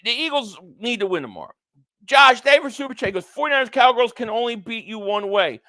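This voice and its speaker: A man hosting a live stream, reacting to a football game and reading viewer chat messages aloud, sometimes shouting at plays. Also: extremely high pitch, expressive, brisk, dry recording. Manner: reads viewer super chats, shouts at plays.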